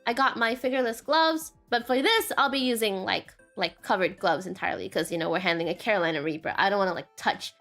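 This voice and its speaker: A woman's voice: medium pitch, fast talker, few pauses, fairly bright tone, soft background music. A woman streamer chatting casually and rambling, often saying "question mark" and laughing.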